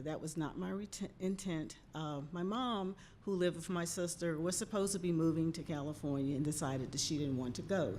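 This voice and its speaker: A woman speaking as a family caregiver, giving a measured, plain personal testimony at a press conference. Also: sits low, darkish tone, slight background noise.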